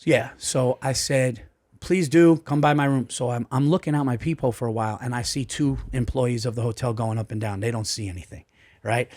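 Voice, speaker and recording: A man on a podcast tells a wild story with lots of swearing and growing excitement, jumping in and out of the voices of the people he met. His pitch sits in the middle of the male range. The sound is a close studio mic. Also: fairly quick. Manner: profane, excitable, acts out voices. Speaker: podcast guest, comedian. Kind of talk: animated storytelling.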